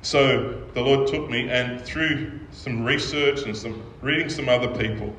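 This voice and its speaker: A man's voice: medium pitch, unhurried, fairly bright tone, slight background noise. Man, pastor, casual sermon, echoey church hall, faint background ambience. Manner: conversational preaching with frequent "right?" check-ins.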